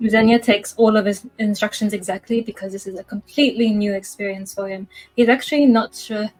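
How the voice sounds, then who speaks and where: A woman's voice: medium pitch, steady tone, fairly quick, darkish tone, soft background music, rough recording. A woman playing in a tabletop game, describing her character in short casual remarks. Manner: short agreeing replies. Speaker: player. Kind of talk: tabletop role-play chat.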